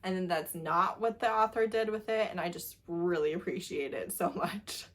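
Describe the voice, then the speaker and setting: A woman's voice: fairly low pitch, moderate pace. Gushing woman reviewing books. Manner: gushing, animated, laughs often. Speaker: book reviewer. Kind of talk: casual book review vlog.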